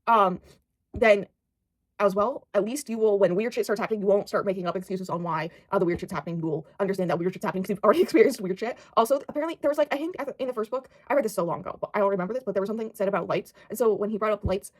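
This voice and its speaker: A young American woman who vlogs about books chats casually, rambling with lots of fillers and swearing now and then. Her voice is medium-pitched, and she talks at a racing speed.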